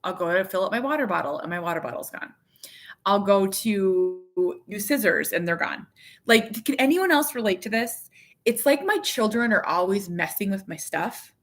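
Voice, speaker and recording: A woman in her thirties chatting casually to her viewers from her living room, rambling and animated, with lots of "like". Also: mid-range voice, moderate pace. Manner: rambling, heavy use of "like"; candid, animated. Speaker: vlogger, parent.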